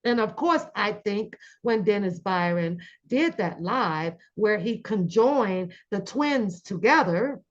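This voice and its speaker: A woman hosting a casual commentary channel, telling a story with lively acted-out quotes. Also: medium pitch, takes it slowly, few pauses, lo-fi sound. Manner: animated storytelling, acts out quoted voices.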